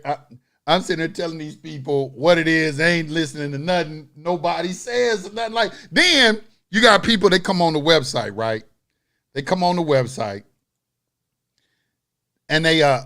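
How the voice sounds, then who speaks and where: A man hosts his own video, speaking straight to his camera in blunt, profanity-laced street talk. His voice sits high and leaps around constantly. He tells a story, then rants with mounting exasperation. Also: animated, normal speed, fairly bright tone. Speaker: online video host. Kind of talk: unscripted rant to camera.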